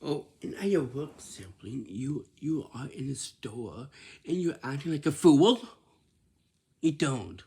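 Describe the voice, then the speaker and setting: A man's voice: mid-range voice, lively intonation, slow pace, pauses often, mellow, slightly rough. A man giving casual workplace advice in a repetitive, scolding way, often checking with "right?". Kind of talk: casual instructive monologue.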